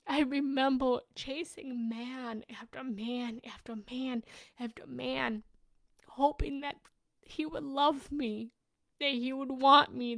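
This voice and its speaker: A woman's voice: sits high, no echo. A young woman coach speaking live to her followers, passionate and emotional, swearing freely and sometimes dropping to a whisper. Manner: drops into whispers for emphasis. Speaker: relationship and self-love coach. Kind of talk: live-streamed personal talk to followers.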